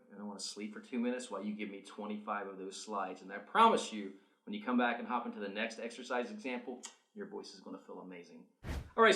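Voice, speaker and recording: Male vocal coach, mid-pitched, upbeat instructor, echoey room. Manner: energetic, coaching. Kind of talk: instructional video demonstration. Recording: roomy echo.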